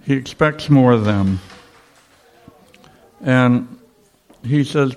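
A man teaching a Bible study in a slow, reflective way, pausing with fillers as he reads and explains scripture. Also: mid-range voice, a little mellow.

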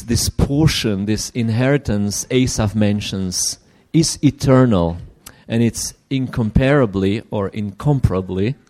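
Delivering a sermon in English, which isn't his native tongue, a medium-pitched man speaks with earnest conviction. He frequently starts sentences over and slips into quiet asides.

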